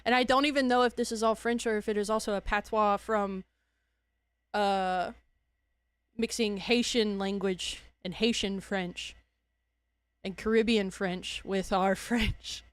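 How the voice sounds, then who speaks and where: A woman's voice: mid-range voice, steady tone, measured pace, smooth, dry recording. A young woman from Louisiana with a Cajun accent, chatting casually as a streamer, rambling, correcting herself and laughing often. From Louisiana, USA. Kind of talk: casual chat.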